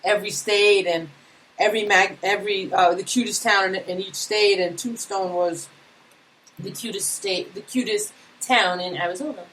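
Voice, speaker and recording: A woman's voice: medium pitch, fairly even intonation, normal speed, a bit bright, rough recording. Slangy Brooklyn-accented female co-host. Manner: casual, slangy, swears freely. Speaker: radio co-host. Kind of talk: casual talk radio banter.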